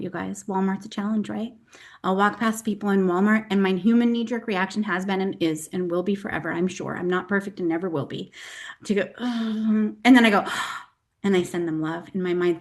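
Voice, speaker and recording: A middle-aged woman hosting a motivational talk, earnest and emotional as she tells stories to her listeners. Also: mid-range voice. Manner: earnest, emotional, animated storytelling. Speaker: host.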